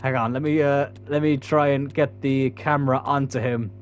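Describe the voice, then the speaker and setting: A man's voice: medium pitch, fairly even intonation, normal speed, muffled recording, a little hiss or hum. A man giving casual, chatty commentary while playing a football video game, swearing freely. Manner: chatty, swearing, bursts into loud laughter. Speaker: gaming YouTuber.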